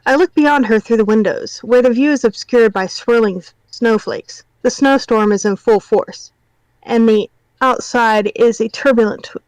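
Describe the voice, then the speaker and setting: A woman's voice: fairly high pitch, moderate pace, darkish tone, no room sound, low-quality recording. A woman reading a novel aloud on a livestream as a guest reader, breaking off for wry comments.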